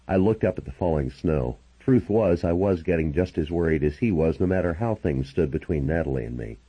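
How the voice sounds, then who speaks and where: A man reading a first-person novel aloud as an audiobook narrator, with a husky voice and a dramatic storytelling delivery. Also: very deep voice, animated, a little fast, few pauses, muffled recording.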